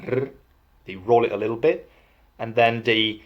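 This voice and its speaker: A man's voice: medium pitch, steady tone, moderate pace, lo-fi sound. A young man from Spain, chatting casually in a vlog about accents, with a self-deprecating tone and frequent hesitations. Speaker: vlogger.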